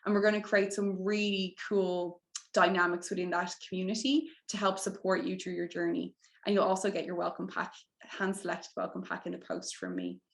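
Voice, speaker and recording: A young adult woman coaching a live online masterclass, pitching her program warmly and getting emotional as she talks. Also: fairly even intonation, moderate pace, gravelly. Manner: heartfelt, gets emotional, breaks into tears and laughter. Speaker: mindset coach hosting a masterclass. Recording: echoey room.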